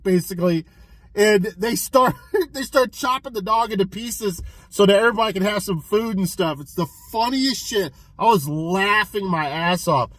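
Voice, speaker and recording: A man casually reviewing a film he watched, retelling the plot in an excitable, profane way with many restarts. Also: high-pitched, no room sound, rough recording. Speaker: physical media collector reviewing films.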